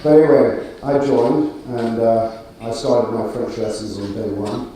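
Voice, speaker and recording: A man's voice: medium pitch, unhurried, mellow. A middle-aged man giving a graduation speech with dry, self-deprecating humor and hesitant fillers. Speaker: graduation speaker. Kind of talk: ceremonial speech. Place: large auditorium. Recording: roomy hall, distant mic, faint ambience.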